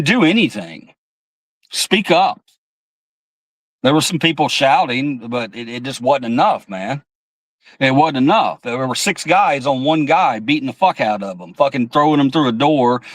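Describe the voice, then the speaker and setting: A man's voice: medium pitch, no echo, rough recording. A man hosting a political livestream, ranting heatedly with lots of swearing and reading chat comments aloud. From United States. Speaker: livestream host. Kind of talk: angry political livestream rant.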